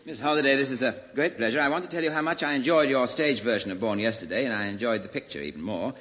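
A formal, refined man who speaks with elaborate courtesy at a brisk clip. His voice comes through a dull, muffled old radio recording. A long hall echo trails his words. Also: medium pitch, a bit bright. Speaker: guest star. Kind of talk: scripted radio comedy banter.

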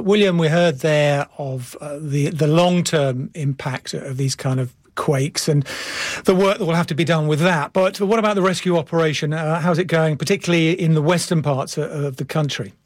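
A male news presenter reading reports and putting measured questions to guests. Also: fairly high pitch, dry recording, clean studio sound.

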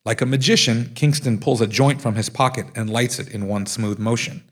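A man reading aloud from his own memoir, acting out the dialogue in lively voices. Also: mid-range voice, normal speed. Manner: acts out quoted speech with lively voices. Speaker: author reading from his book. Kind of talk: live reading of a nonfiction memoir.

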